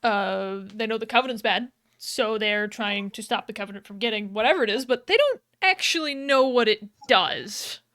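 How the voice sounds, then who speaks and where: A young woman with a slightly high, bright voice recaps a story at an unhurried pace. She rambles, giggles and restarts her sentences, and the sound is close and dry. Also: no echo. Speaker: podcast co-host. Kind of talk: casual chat, retelling a game's plot. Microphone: podcast microphone.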